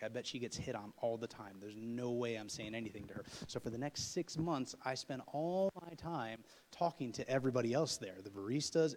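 A young man hosting a podcast, telling a personal story and acting out the dialogue in animated bursts. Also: medium pitch, slight background noise. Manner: animated, acts out dialogue loudly. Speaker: podcast host.

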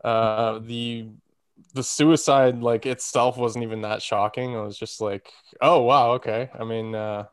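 A man's voice: on the low side, little pitch movement, unhurried, clean tone, no room sound, clean studio sound. A man from Canada co-hosting a movie podcast, joking dryly with many fillers. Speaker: podcast co-host. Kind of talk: casual chat.

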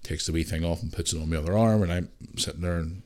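A man's voice: low-pitched, fast talker. A man in his thirties with a Northern Irish accent, telling stories animatedly on his podcast. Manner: animated storyteller, swears mildly, acts out voices in anecdotes. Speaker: podcast host. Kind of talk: casual storytelling monologue.

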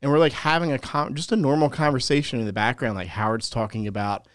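A man's voice: mid-range voice, fairly even intonation, fast, dry recording, studio quality. A man co-hosting a casual podcast, telling rambling stories full of crude jokes. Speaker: podcast co-host.

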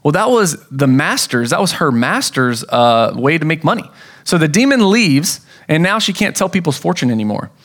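A man's voice: on the high side, sing-song, moderate pace, a bit bright. A man preaching a sermon as pastor, telling a story in a casual way with acted-out quotes.

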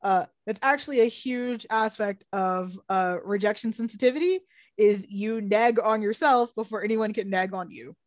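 A young woman co-hosting a casual podcast, talking in an animated way with frequent laughs and easy swearing. Her voice sits mid-range for a woman. The sound is dry and close, with no room around it. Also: mid-range voice, normal speed, no room sound. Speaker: podcast co-host. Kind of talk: casual chat.

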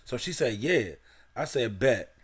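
A man's voice: medium pitch, expressive, unhurried, husky. A young man from Baltimore, a podcast co-host, casually telling a profane story and reading old messages aloud.

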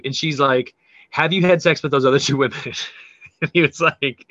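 Animated, laughing man, bright voice. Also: on the high side, brisk, dry recording, highs cut off. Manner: animated, laughing, profane storytelling. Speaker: podcast co-host. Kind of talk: casual chat reading memes.

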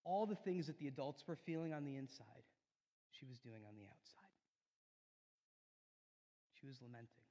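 A man preaching a sermon in a church, telling a personal story earnestly, rising loud and then dropping soft. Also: mid-range voice, animated, moderate pace, long pauses, muffled recording. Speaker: pastor. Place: church sanctuary. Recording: long hall reverb.

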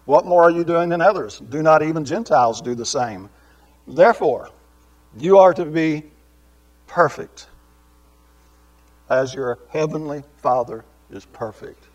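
A man teaching a Bible lesson in sermon style, swinging between raised, emphatic preaching and quiet asides, with many rhetorical questions to his listeners. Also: on the high side, rough recording.

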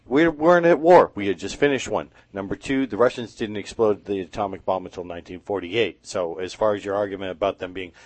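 A man's voice: on the low side, a little fast, hardly any pauses, a little mellow, no room sound, poor audio. A man making an emphatic debate argument, counting off his points.

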